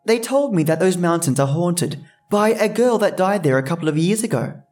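Man doing young woman, worried, higher voice, horror story reading. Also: animated, normal speed, darkish tone, distant mic. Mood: uneasy.

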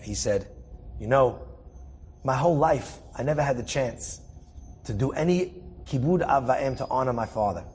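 A man telling a story out loud in a casual, animated way, with fillers and restarts. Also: mid-range voice, slightly rough. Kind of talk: spoken storytelling.

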